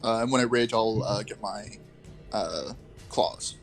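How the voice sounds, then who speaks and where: A man's voice: fairly low pitch, measured pace, soft background music. A man playing a tabletop game, stating his character's actions with many hesitations. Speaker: player.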